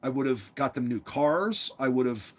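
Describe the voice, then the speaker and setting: A man's voice: mid-range voice, expressive, measured pace. Emphatic man rambling through a story. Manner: emphatic, repeats words and restarts often. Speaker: father telling a personal story. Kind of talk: rambling casual storytelling monologue.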